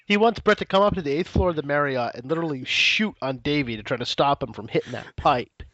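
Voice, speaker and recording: A man hosting a casual comedy podcast, animated and laughing often as he breaks down clips. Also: on the high side, quick pace, no room sound, highs cut off. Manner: animated, laughing, quotes others in mock voices. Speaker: podcast host.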